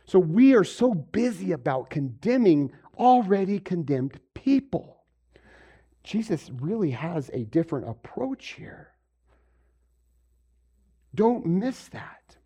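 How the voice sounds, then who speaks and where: A man's voice: high-pitched, sing-song, slow pace, long pauses, husky. Man preaching with rising intensity. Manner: emphatic preaching that swings from quiet to loud; asks the audience questions. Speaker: pastor. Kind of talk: sermon. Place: room with a congregation.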